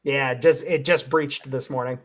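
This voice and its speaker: Guy on a headset rambling thru a story, cussing a lot, laughing at his own jokes, mid pitch. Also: fairly even intonation, measured pace. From Cleveland area, USA. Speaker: host. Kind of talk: casual panel chat.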